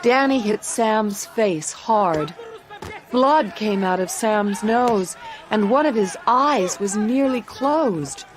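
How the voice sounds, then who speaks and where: A woman narrating a simple story for English learners, clear and deliberate. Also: medium pitch. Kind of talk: slow scripted story reading for English learners.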